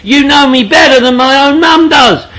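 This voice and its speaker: A middle-aged man with a strikingly high voice tells his story to a meeting room crowd. He is blunt and joking, swears freely and laughs through his lines. His tone is bright and sharp. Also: moderate pace, low-quality recording. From London, England. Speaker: speaker sharing at a recovery meeting. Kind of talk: comic storytelling to a group.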